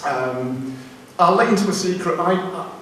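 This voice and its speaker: A man's voice: high voice, animated, moderate pace, background noise. A man doing a rambling, self-deprecating stand-up routine on a comedy club stage. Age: 40s. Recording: very echoey room, from far off.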